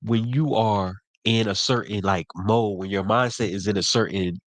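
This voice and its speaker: Animated young man telling stories in chat. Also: lowish voice, normal speed, no echo. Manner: animated storyteller, acts out quoted voices. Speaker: podcast co-host. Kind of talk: casual chat.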